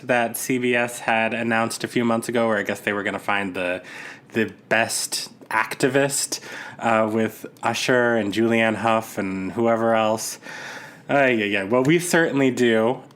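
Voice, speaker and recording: A man co-hosting a podcast in casual chat, playful and quick to laugh. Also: medium pitch, a bit bright, clean tone. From United States. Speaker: podcast co-host.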